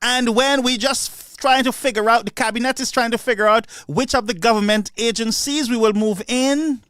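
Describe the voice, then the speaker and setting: A man's voice: very high-pitched, normal speed, a bit bright, clear, resonant tone, dry recording. A man with a Saint Lucian accent giving an impassioned political speech, sarcastic and mocking. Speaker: political commentator.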